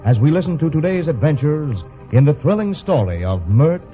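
A man's voice: on the high side, big pitch swings, moderate pace. A man narrating a 1930s radio serial in a dramatic, inviting way. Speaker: announcer and narrator. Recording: dull old radio recording with music.

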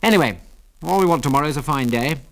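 A man voicing a calm, unflappable British pilot hero who speaks in clipped, even tones. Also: on the high side, fast talker, voice pushed up. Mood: cool.

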